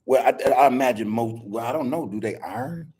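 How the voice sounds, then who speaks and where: A man's voice: medium pitch, a little fast, darkish tone, husky. An older man hosting a podcast, telling stories in a casual, profane way and laughing often. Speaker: podcast host. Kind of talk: casual storytelling chat.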